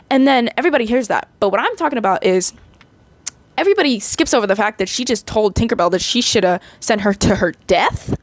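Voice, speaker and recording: A woman's voice: fairly high pitch, expressive, quick pace, dry recording. A woman in her twenties recapping a movie in a rambling, chatty way, full of fillers. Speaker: vlogger.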